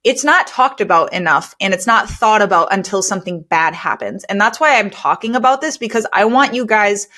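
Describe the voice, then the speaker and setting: A woman's voice: medium pitch, lively intonation, brisk, few pauses, pushed and bright. A woman hosting a podcast for cleaning business owners. She talks in an earnest, conversational way and uses a lot of fillers. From United States. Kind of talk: candid storytelling podcast talk.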